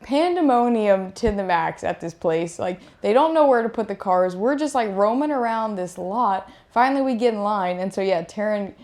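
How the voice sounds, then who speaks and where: A woman's voice: normal speed, few pauses. A young woman, a pro beach volleyball player, casually telling a travel story with lots of fillers and acted-out quotes. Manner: animated, acts out quotes in higher voice; many fillers, "like" and "I'm like".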